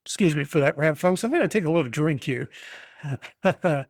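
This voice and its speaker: A middle-aged man from the United States rants bluntly on his solo podcast, swearing as he goes. His voice sits high for a man and carries a gravelly, rough edge. The sound is dry and close, with no room around it. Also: animated, measured pace, dry recording. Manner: blunt, ranting, swears freely. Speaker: podcast host.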